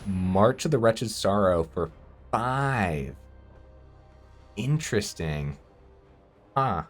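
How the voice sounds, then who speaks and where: Male gameplay commentator with a low voice and a bouncy, animated delivery, chatty and prone to sudden excited shouts, with soft music underneath. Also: extremely slow. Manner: chatty, thinks aloud, excitable outbursts.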